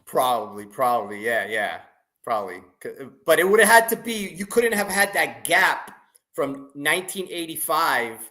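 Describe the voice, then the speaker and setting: A man in casual chat who talks haltingly with lots of restarts, sounding enthusiastic. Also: a little high, very animated, pushed and bright.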